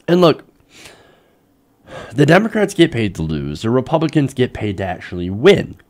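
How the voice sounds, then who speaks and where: Heated, lively man ranting. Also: mid-range voice. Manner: heated, sarcastic, mocks politicians in put-on voices. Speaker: political commentator. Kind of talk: ranting political commentary.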